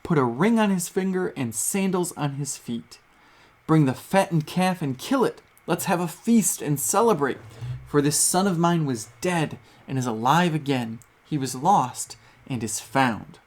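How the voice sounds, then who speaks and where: A man's voice: on the high side, lively intonation, measured pace. A man reading as a forgiving old father. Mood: joyful. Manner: earnest read-aloud delivery.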